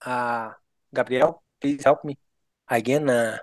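A man's voice: medium pitch, measured pace, no echo. A man from Brazil with a Brazilian Portuguese accent, a native Portuguese speaker chatting in English. He hesitates, restarts often and laughs between phrases. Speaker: participant. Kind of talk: casual chat, English conversation practice.

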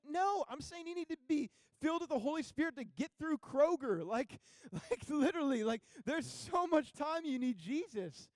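A young man preaching a sermon as pastor, conversational and casual, building to emphatic high peaks. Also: lively intonation, moderate pace, hardly any pauses, dry recording, studio quality.

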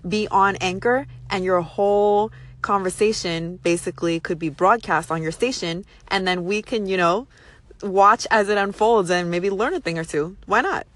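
A woman's voice: mid-range voice, normal speed, fairly bright tone. A young woman hosting a casual chat, thinking aloud with lots of fillers. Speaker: host.

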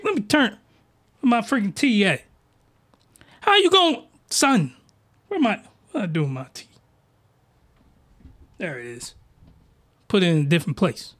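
A man hosting a podcast, delivering an excitable, slangy, rambling comedic rant full of mockery. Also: sits high, a little slow, long pauses, no room sound, studio quality. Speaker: podcast host reviewing anime.

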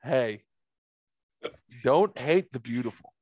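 A man's voice: mid-range voice, slow, dry recording, highs cut off. A man in his thirties hosts a casual podcast, telling stories with lots of energy and plenty of laughter. His voice sounds dry and close, with no room around it, and he swears freely along the way. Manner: animated storyteller, laughs often, swears freely. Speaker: podcast host.

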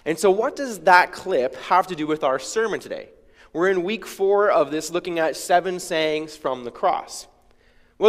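Conversational pastor in a reverberant hall. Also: male voice, fairly high pitch. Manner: conversational, uses rhetorical "right?". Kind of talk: sermon.

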